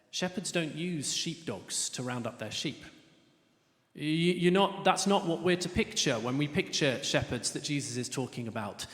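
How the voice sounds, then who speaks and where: A middle-aged man delivers an earnest evangelistic talk in a chatty, storytelling way. His voice sits fairly high for a man. The sound is roomy, with a long hall reverb around it. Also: a bit bright. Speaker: speaker. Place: lecture hall.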